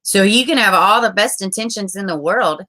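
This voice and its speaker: Woman streamer, bright voice, chatty and salty, calls viewers "baby". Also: mid-range voice, normal speed. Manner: chatty, swears, greets viewers with endearments. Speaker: livestream host. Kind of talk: casual livestream chat reading viewer comments.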